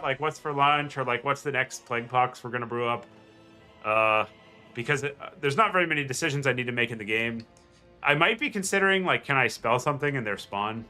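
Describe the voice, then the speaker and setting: A man's voice: medium pitch, animated, fairly quick, sharp tone, soft background music. A man casting a strategy game match in a casual, rambling way, with a nasal voice and lots of fillers and restarts. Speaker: game commentator. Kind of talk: casual gameplay commentary.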